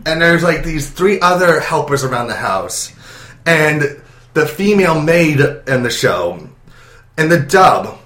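A man co-hosting a casual podcast, giving a rambling, relaxed review of an anime. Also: on the high side, unhurried, echoey room. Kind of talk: casual chat.

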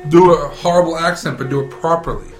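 A man's voice: on the high side, steady tone, fast talker, roomy sound, faint music behind. A man co-hosting a casual podcast, teasing and cracking jokes. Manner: teasing, wisecracking. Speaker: podcast co-host. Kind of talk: casual chat.

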